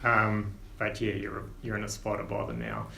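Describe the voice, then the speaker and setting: A man running a tabletop game in an unhurried way, with many ums. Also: on the low side, level tone, creaky, pushed and bright, roomy sound, slight background noise. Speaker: game master.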